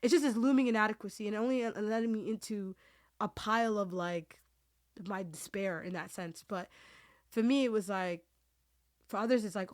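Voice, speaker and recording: A woman's voice: mid-range voice, moderate pace, darkish tone. Woman host, earnest and rambling, team-chat podcast. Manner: heartfelt, rambling, many restarts; Muslim phrases woven into speech.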